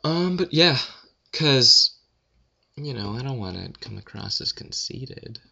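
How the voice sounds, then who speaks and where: A man's voice: mid-range voice, big pitch swings, slow pace, vocal fry, sharp tone, highs cut off. A young man who has just woken up, telling a rambling story and answering questions in a casual, self-mocking way full of fillers.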